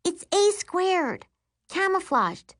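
A woman voicing a sleepy, bookish young girl who protests in a high, whiny voice in an audiobook. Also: big pitch swings, slow, heavily acted. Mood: eager. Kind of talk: audiobook character voice.

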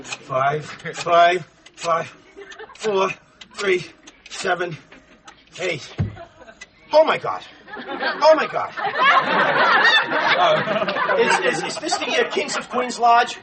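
A man's voice: extremely high pitch, animated, takes it slowly, long pauses, a loud crowd, exaggerated voice. An actor playing a frantic young husband whose wife is in labor, stammering and tripping over his words. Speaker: expectant husband. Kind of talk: sitcom acting. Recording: studio audience laughter, noisy broadcast. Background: audience laughing.

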